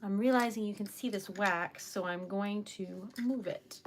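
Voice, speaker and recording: A woman's voice: mid-range voice, measured pace, heavy background noise. A young woman hosting a casual livestream, chatty and giggly, often laughing and apologizing. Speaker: typewriter shop owner and stream host.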